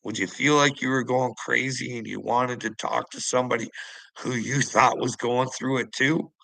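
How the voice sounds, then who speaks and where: A man's voice: mid-range voice, fairly even intonation, moderate pace, creaky, bright, forceful tone, no echo, rough recording. A man delivering a profane, confrontational vlog rant, taunting the people he addresses. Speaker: online commentator. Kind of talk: ranting vlog monologue.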